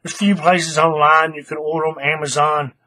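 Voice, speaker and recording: A man's voice: fairly high pitch, little pitch movement, brisk, pushed and bright. A man hosting a casual craft tutorial, thinking aloud as he works and often restarting his sentences. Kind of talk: casual how-to demonstration.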